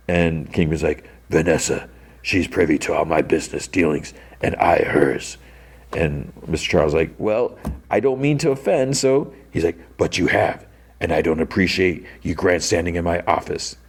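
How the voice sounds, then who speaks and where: A young man hosting a podcast, casually retelling TV scenes and slipping into quick character voices with lots of "he's like". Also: sits low, a little mellow, slightly rough. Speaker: podcast host recapping a TV episode.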